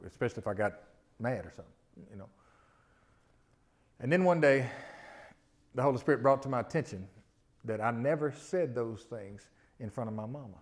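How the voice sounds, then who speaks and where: A middle-aged man preaching a sermon, moving between loud emphatic passages and quiet personal storytelling. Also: mid-range voice. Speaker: pastor.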